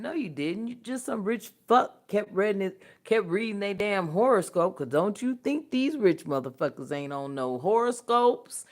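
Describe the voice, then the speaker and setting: A woman's voice: lively intonation, normal speed, few pauses. Blunt, profane woman ranting on a livestream. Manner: blunt, profane, laughs often; swings from low mutters to loud outbursts. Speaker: spiritual channel host. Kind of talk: casual livestream talk.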